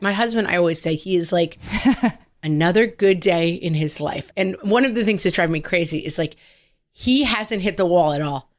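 A middle-aged woman co-hosting a podcast, telling family stories in an animated, chatty way. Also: lowish voice. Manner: animated storytelling, quoting family members in voices. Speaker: podcast co-host. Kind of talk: casual podcast chat.

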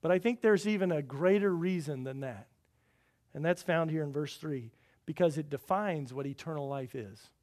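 Male pastor, high voice, emphatic sermon delivery with repeated phrases. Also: moderate pace, a little mellow.

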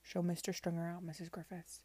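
A woman reading the part of a stern, worried gentleman who speaks curtly and gives orders. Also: lowish voice, monotone, a little fast, slightly rough, dry recording.

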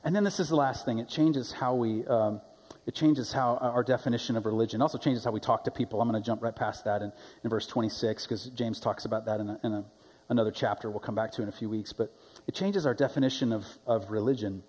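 Husky-voiced pastor preaching a sermon. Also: male voice, medium pitch, fast talker, a little mellow. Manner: conversational storytelling, rising to emphatic preaching. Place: church sanctuary. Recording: long church-hall reverb.

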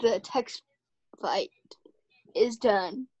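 A woman's voice: medium pitch, very slow, darkish tone, breathy edge, highs cut off. A young girl co-hosting a casual podcast, chiming in, laughing, and echoing her friend. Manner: chimes in, laughs, repeats her friend's words. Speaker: podcast co-host. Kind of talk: casual chat.

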